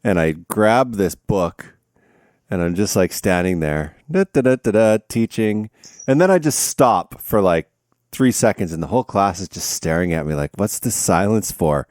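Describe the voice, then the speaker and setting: A man's voice: low voice, animated, normal speed, darkish tone, no room sound, clean studio sound. A man, a former touring musician who now teaches, telling stories casually in a conversation, laughing often and swearing freely.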